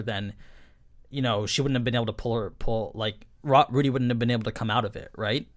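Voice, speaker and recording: A young man hosting a casual live-stream anime review, talking in a chatty, emphatic way, full of 'like' and 'you know'. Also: mid-range voice.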